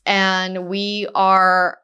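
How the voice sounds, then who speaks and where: Animated woman co-host telling stories. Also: medium pitch, drawn-out words, smooth. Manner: animated storyteller, acts out quoted voices. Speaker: podcast co-host, real estate agent. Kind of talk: casual chat.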